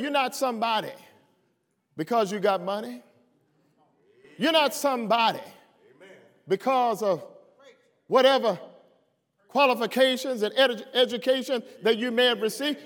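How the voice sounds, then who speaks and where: Male preacher, very high voice, deliberate delivery, long church-hall reverb. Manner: slow, emphatic preaching that swells to shouts. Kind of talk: sermon.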